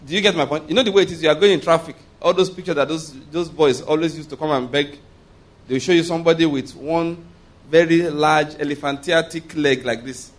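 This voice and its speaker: A man's voice: on the high side, fairly quick. A man preaching a sermon in church, stressing key words and asking the congregation to answer "amen". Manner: emphatic, calls for congregation responses. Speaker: pastor.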